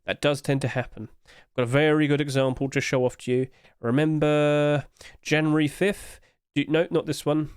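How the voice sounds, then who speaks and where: A man's voice: on the high side, level tone, normal speed, smooth, no room sound, studio quality. A man hosting casual commentary, chatty and hedging, with apologetic asides, recorded at home on a desk mic. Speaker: host.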